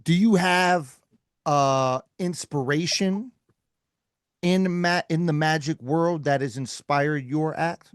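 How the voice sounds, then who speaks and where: A man's voice: on the high side, takes it slowly, clean tone, no room sound, clean studio sound. A man hosting a podcast, asking casual interview questions in a laid-back, slangy way. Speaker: podcast host.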